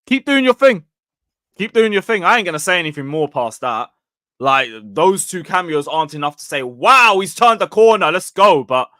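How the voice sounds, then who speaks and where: Young man, fan-channel host, rambling and sweary, a bit high, dry close mic. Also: bright, forceful tone, dry recording. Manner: blunt, sweary, rambling, reading chat comments. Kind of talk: casual live match review.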